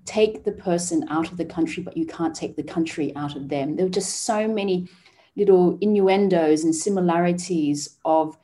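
A woman's voice: fairly low pitch, normal speed, dark tone, slight background noise. A woman of Vietnamese heritage raised in the West, speaking earnestly and reflectively as a podcast guest, with frequent fillers and restarts. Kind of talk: conversational interview.

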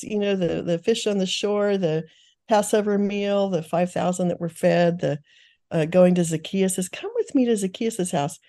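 A woman's voice: on the low side, dark tone. An older woman, a guest author, giving earnest, teaching answers in an interview, with frequent restarts.

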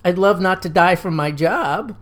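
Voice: medium pitch, normal speed, lightly acted. A narrator voicing an eager, outspoken woman who works at a nail salon, chirpy and keen. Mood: reciting.

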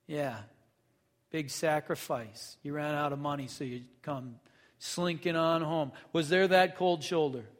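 A male pastor preaches in an easy, conversational way, reading scripture and then putting questions to his listeners. His voice sits a little high for a man. A long reverb trails his words. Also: steady tone, measured pace. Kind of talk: sermon.

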